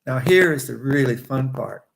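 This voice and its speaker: A man's voice: medium pitch, lively intonation, normal speed, creaky, poor audio. A man in his eighties from Indiana, a veteran trader telling long, rambling stories and chuckling as he remembers. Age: 80s. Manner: chuckling, restarts phrases while reminiscing. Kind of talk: rambling anecdotal storytelling.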